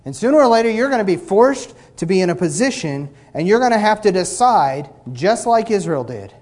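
Emphatic preacher man, somewhat high voice. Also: sing-song, a little fast. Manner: emphatic, swings between loud and quiet; mocks complainers with blah-blah asides. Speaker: pastor. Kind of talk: sermon.

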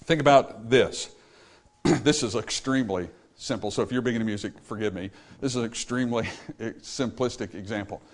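A man's voice: mid-range voice, normal speed. A man preaching a sermon, talking straight to his listeners with emphasis, and sometimes singing a short phrase as an example. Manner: emphatic, talks straight to the congregation. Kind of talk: sermon on music.

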